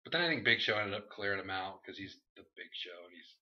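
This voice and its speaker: Animated man recapping wrestling, lo-fi. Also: low voice, quick pace. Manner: animated, breaks into goofy impressions and shouts. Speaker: podcast co-host recapping wrestling. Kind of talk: casual comedic chat. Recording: lo-fi dull recording.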